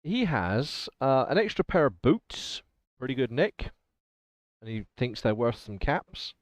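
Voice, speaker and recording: A man's voice: mid-range voice, very animated, unhurried, dry recording. English man narrating as game master. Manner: hesitant, filler-heavy narration with laughs.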